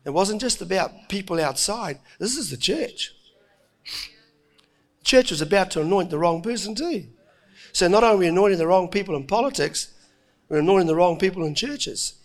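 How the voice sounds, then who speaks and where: A middle-aged man preaching a sermon, telling the story with lively acted-out voices and frequent chuckles. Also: sits high, normal speed. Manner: animated storytelling, acting out voices, chuckling often.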